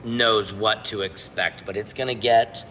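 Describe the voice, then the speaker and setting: A man delivering a casual news-style update in a bright, edgy tone. He hesitates often and wanders into unsure asides. Faint noise sits behind his voice. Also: lowish voice, steady tone, unhurried. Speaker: co-host segment as AI version of host.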